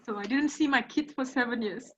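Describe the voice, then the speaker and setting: A woman's voice: fairly high pitch, fairly quick, muffled recording, a little hiss or hum. A woman with a Malaysian English accent, a guest telling of her own past in an emotional, emphatic way, close to tears. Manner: tearful, emphatic storytelling. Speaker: guest, survivor of domestic violence. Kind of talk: emotional personal testimony.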